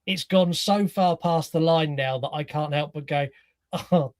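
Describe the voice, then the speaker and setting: A man co-hosting a podcast, with a voice a bit higher than most men's. He talks in expressive casual chat, swears freely and acts out small lines as he tells them. The sound is dry and up close. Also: normal speed, no echo. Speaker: podcast co-host.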